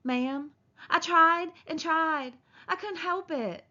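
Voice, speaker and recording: A woman's voice: extremely high pitch, takes it slowly, pushed and bright, voice pushed up, exaggerated voice. A woman doing a childlike, pleading simple-minded big man. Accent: American rural drawl. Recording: dull lo-fi recording.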